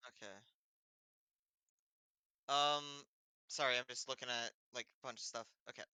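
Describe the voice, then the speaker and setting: A man acting as game master, patiently explaining rules and filling pauses with ums while he looks things up. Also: mid-range voice, steady tone, pushed and bright, clean tone, no room sound, low-quality recording. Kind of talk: running a tabletop game online.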